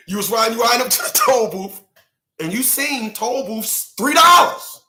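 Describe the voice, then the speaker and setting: A man's voice: extremely high pitch, expressive, a little slow, pushed and bright. Emphatic man ranting in an echoey room. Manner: emphatic, acts out mock dialogues, laughs at own jokes. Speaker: commentary show host. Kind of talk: animated opinion monologue. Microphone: livestream setup.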